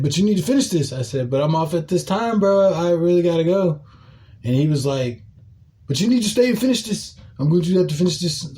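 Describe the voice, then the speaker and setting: A man hosting a podcast, telling a casual story in a profane, animated way and breaking into loud shouting. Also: a little high. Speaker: podcast host.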